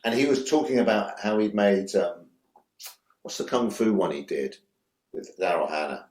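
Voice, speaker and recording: A man's voice: lowish voice, expressive, normal speed, a little mellow, reverberant. A man, a guest director telling rambling, enthusiastic stories in a casual interview, swearing freely. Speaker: guest, music video director.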